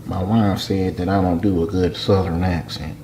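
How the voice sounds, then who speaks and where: A man giving a casual cooking demonstration in a home kitchen, with folksy, relaxed step-by-step instructions. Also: sits low, moderate pace, a little hiss or hum.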